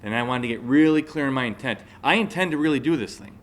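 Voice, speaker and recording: A man's voice: mid-range voice, fast talker. A man in his forties giving a live motivational talk to an audience, telling a personal story and often checking in with the listeners. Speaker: motivational speaker.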